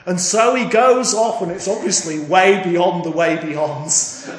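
A man, a priest, retelling a story in a sermon in an animated, chatty way, with many restarts. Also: sits high, slow, crowd noise. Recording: echoey room with faint ambience.

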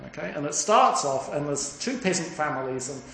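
Animated storytelling priest, echoey church. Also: male voice, a little high, brisk, vocal fry, slight background noise. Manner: animated, chatty, many restarts. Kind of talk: sermon storytelling. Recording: echoey room with faint ambience.

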